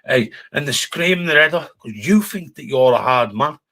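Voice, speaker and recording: Cumbrian man, live streamer, aggressive sweary roast rant, mid-pitched. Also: lively intonation, normal speed, sharp tone. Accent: Cumbrian English. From Cumbria, England.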